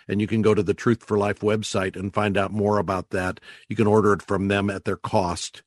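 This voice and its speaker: A man hosting a call-in radio show, talking callers through ideas and slowing down to stress words as he teaches. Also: lowish voice, little pitch movement, no room sound, studio quality. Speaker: radio host.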